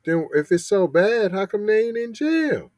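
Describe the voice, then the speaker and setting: A man's voice: high-pitched, sing-song, moderate pace, a little mellow, no echo. A man co-hosting a podcast, throwing in dry asides while reacting to a news story. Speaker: podcast co-host. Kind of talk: casual reaction commentary.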